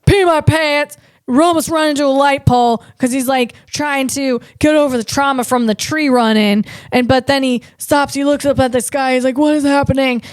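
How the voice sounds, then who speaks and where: A woman comedian hosting a podcast, giving loud, animated, playful tech commentary. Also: sits high, normal speed, dry recording, studio quality.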